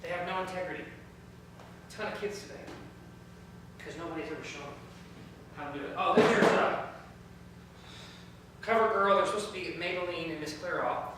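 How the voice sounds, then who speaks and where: A man who leads a youth ministry, giving a storytelling training talk, lively and often repeating words as he searches for them. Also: high voice, moderate pace, pauses often, recorded from a distance, very noisy. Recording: echoey room, voice from afar.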